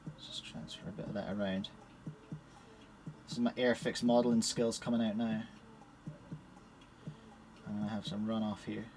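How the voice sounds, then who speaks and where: A man's voice: on the low side, flat delivery, moderate pace, pauses often, a little mellow, slight background noise. A man with a Scottish accent chatting casually on a live stream while setting up puzzle cubes in a shed. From Scotland. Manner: chatty, cheerful, talks while working with his hands.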